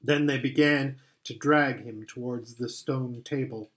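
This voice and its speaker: A man reading a children's novel aloud as story narration, in a slow, deliberate manner. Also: mid-range voice, steady tone, fairly bright tone. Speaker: audiobook reader.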